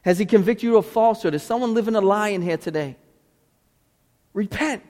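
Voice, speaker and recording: A pastor preaching a sermon with passion, moving between pleading cries and hushed intensity. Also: male voice, high-pitched, brisk. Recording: long hall reverb.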